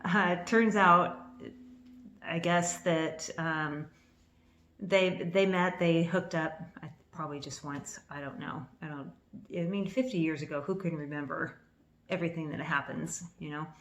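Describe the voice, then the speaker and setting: A woman in her fifties telling a personal story to camera in an excitable, rambling way, a little nervous, with restarts and bursts of laughter. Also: low-pitched, measured pace, slight background noise. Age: 50s. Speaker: vlogger. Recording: echoey room.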